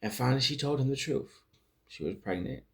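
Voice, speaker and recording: A show reviewer's creaky, medium-pitched voice sounds animated and a little fast as he casually goes over a TV episode. His recap rambles, full of restarts and quotes he acts out.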